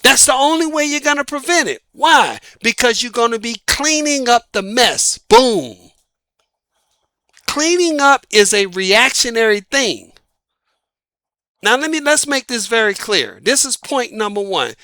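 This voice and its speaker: A man's voice: big pitch swings, moderate pace, hardly any pauses, pushed and bright, dry recording. A man with a Southern US accent hosting a dating advice channel, giving an opinionated monologue full of rhetorical questions that he answers himself. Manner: emphatic, asks rhetorical questions and answers them, punctuates points with "boom".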